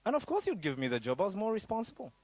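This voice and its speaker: Lively, punchy man from Africa coaching. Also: very fast, no room sound. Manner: animated, swings between loud high bursts and low quiet asides. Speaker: business coach. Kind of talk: motivational workshop talk.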